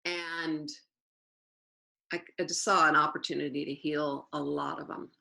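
This is a woman teacher spinning stories in an interview, her low voice slow-paced and full of vocal fry. Lively and animated, she performs the dialogue she quotes and returns to repeat lines, all captured on a rough recording.

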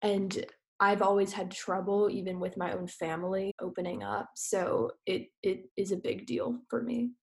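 A woman interviewer asks questions in a soft, personal way and shares her own experience. Her voice has a mellow, warm tone at a middle pitch. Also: steady tone, moderate pace.

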